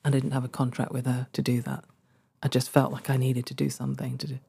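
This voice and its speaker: A middle-aged woman telling a personal story in an interview, earnest and warm, laughing often and growing emotional. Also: a bass voice, little pitch movement, quick pace, creaky, slightly rough. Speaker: guest, former social care worker. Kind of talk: conversational storytelling.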